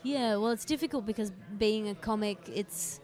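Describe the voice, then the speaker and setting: A woman hosting a relaxed interview, her voice at a middling pitch. She chats easily, prompts her guest with questions, and teases in a friendly way. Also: moderate pace, faint music behind. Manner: easygoing, teasing, encouraging. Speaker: podcast host. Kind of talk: casual interview chat.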